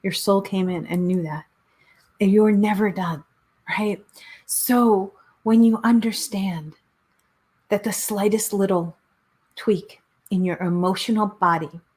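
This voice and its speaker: A woman's voice: mid-range voice, darkish tone, slightly rough. A middle-aged woman hosting a spiritual talk show, speaking earnestly and repeating phrases for emphasis. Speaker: host, spiritual coach. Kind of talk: motivational talk show monologue.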